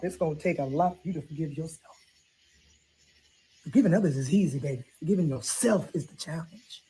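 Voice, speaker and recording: A woman's voice: deep voice, a little hiss or hum, poor audio. A blunt, preachy middle-aged woman hands out sassy advice in a comedy sketch, as a woman plays her. She talks about faith and forgiveness with plenty of laughing asides.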